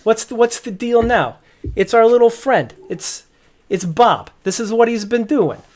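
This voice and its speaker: A man voicing a rowdy, crude male laborer boss who shouts in a high, strained voice. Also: measured pace. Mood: indignant. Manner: shouting, high-pitched outbursts.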